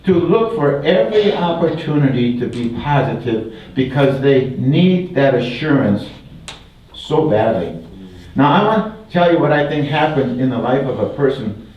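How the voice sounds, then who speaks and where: An older man from Wisconsin giving a folksy public talk, mixing humor with repeated phrases. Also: mid-range voice. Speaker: guest speaker. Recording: distant, roomy, dull hall recording. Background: audience laughter.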